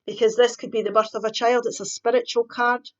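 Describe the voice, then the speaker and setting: A woman's voice: fairly high pitch, level tone, a little fast, dull audio. A woman hosting a casual tarot card reading, chatting and thinking aloud as she pulls the cards. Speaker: tarot reader.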